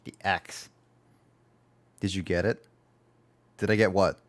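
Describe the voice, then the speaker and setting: A man's voice: sits low, fairly even intonation, slow pace. A man streaming a video game, chatting casually and rambling, often repeating his words. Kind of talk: casual gaming livestream chat.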